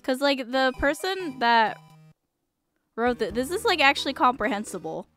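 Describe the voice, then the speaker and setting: A woman's voice: high-pitched, very animated, moderate pace, fairly bright tone, faint music behind. A woman streamer reading a fan fiction aloud, breaking off for dry, mocking asides. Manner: dry, mocking asides between read passages.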